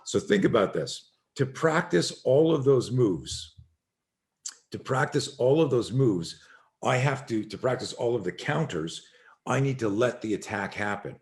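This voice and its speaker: A middle-aged man, a self-defense instructor, telling an animated story as a podcast guest and acting out the voices of the people in it. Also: mid-range voice, measured pace. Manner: acts out quoted voices, swearing, emphatic.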